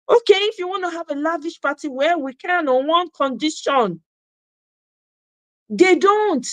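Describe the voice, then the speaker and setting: A woman's voice: sits high, no room sound. A woman with a Nigerian accent delivering an impassioned monologue, repeating herself for emphasis and slipping into Pidgin asides. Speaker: commentator. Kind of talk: passionate monologue.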